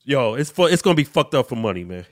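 A man co-hosting a comedy podcast, telling stories in profane, animated casual banter. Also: mid-range voice, fast. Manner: profane, laughing, animated storytelling. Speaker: podcast co-host.

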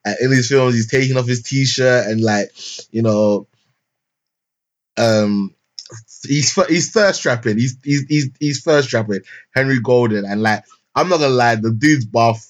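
Over a remote call microphone, a young podcast co-host chats casually about a film in an unhurried, mid-range voice. He rambles, restarting often and leaning on fillers and street slang.

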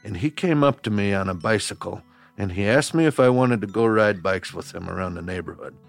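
A man's voice: lowish voice, lively intonation, brisk, creaky, faint music behind. A man from Wisconsin, hosting a children's podcast as a camp counselor, telling a story straight to young listeners with homespun phrases.

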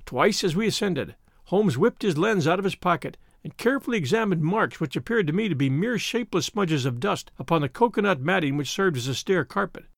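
A man narrates a classic story in an expressive, dramatic audiobook style. His voice sits fairly high and moves a lot in pitch. The recording is close and dry. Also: fairly quick, creaky, no echo.

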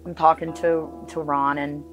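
A woman recounting a traumatic family event, halting and emotional, acting out the voices of others as she speaks. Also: deep voice, flat delivery, faint music behind, low-quality recording. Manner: halting, emotional, acts out dialogue. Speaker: interviewee recounting a family tragedy. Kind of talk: personal account in interview.

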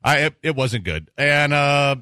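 An easygoing man hosts a radio talk show at a middle pitch, hesitating with fillers as he talks. His voice is bright and close, in a dry studio. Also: animated, unhurried, clear, resonant tone, dry recording. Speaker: radio sports talk host. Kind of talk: casual radio banter.

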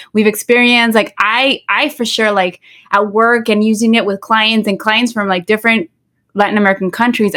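A woman's voice: medium pitch, a bit bright. A woman co-hosting a casual podcast chat, talking in a chatty, self-deprecating way that switches between English and Spanish. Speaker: podcast co-host.

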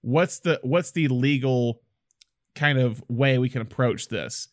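Man, mid-pitched voice, excited film talk, dry close sound. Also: slow pace, no room sound. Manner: enthusiastic, acts out film quotes. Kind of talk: casual film discussion.

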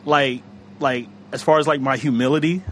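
A young man chatting casually as a podcast host, rambling with lots of fillers and quick laughs. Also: medium pitch, fairly even intonation, slight background noise. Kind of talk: casual chat.

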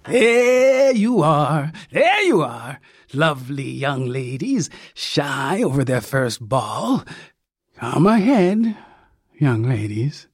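A man voicing an eager, giggling old man with a shrill, cracked voice in a storybook reading. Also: sing-song, husky, dry recording, studio quality, heavily acted. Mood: gleeful. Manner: drawn-out, high, sing-song calls.

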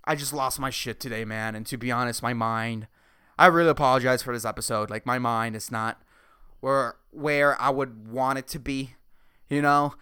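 A man's voice: mid-range voice, fairly even intonation, moderate pace, sharp tone, clear, resonant tone. A man hosting a solo podcast, ranting sarcastically with lots of swearing and laughing at his own jokes. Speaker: podcast host.

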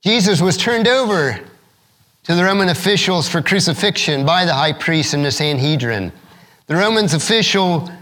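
A man's voice: a little high, fairly bright tone. A man as pastor, preaching a sermon and reading scripture aloud expressively, lifting his voice for the quoted speakers.

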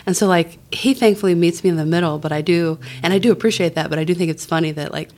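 A woman comedian telling stories in casual chat, animated and laughing often. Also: on the low side, fast.

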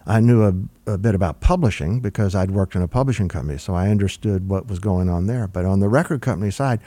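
With a low-pitched voice, quick pace and no room sound, an older record producer recounts lengthy stories during an interview. The talk is easygoing and rambling, peppered with fillers and restarts.

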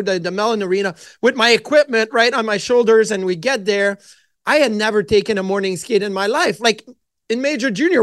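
A man in his forties with a noticeably high-pitched voice, recorded dry and close. He tells his stories in an animated, casual way, often restarting his sentences. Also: dry recording. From Quebec, Canada. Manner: animated anecdotes with frequent restarts. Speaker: guest, former goaltender. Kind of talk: casual storytelling interview.

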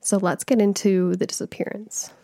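A woman's voice: medium pitch, steady tone, moderate pace, mellow, dry recording, studio quality. Chatty woman reading history facts. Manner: conversational, reads out facts with fillers and self-corrections. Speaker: podcast co-host. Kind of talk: casual history podcast chat.

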